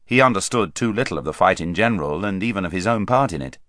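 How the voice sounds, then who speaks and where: Man, audiobook narrator, lowish voice, very lively intonation, dry close recording. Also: quick pace, no room sound. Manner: expressive storytelling, varied pace.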